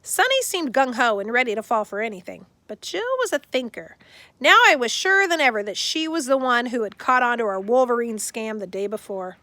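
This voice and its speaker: A woman's voice: a little high, expressive, a little fast, pushed and bright, no room sound. Woman narrating a storybook, dry close sound. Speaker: audiobook narrator.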